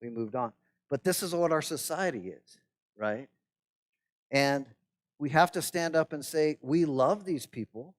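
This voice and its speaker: A man's voice: a little high, unhurried, pauses often. A man, a pastor, lecturing a class on church administration in a conversational way, often checking in with "right?" and adding wry asides.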